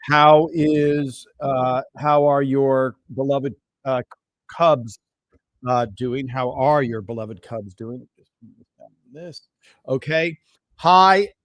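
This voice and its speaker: Male live-stream host, mid-pitched, chatty and upbeat, recorded dry at his desk. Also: steady tone, very slow, pauses often, no room sound. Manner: rambling, enthusiastic, talks to himself between greetings. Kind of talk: live-stream chat greeting viewers.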